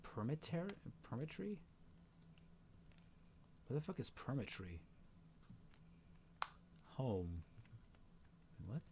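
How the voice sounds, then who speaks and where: A man's voice: mid-range voice, big pitch swings, takes it slowly, long pauses, warm tone, a little hiss or hum. A man hosting a casual livestream, musing aloud and reading word lists off the screen. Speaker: stream host.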